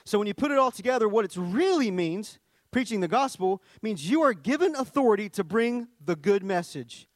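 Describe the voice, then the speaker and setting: A man delivers a sermon in a relaxed, explanatory way, breaking down the meaning of words with everyday examples. His voice sits high for a man. The recording is dry and close, with no room sound. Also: fairly quick, no echo. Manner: conversational teaching, frequent "see," and restarts. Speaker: preacher.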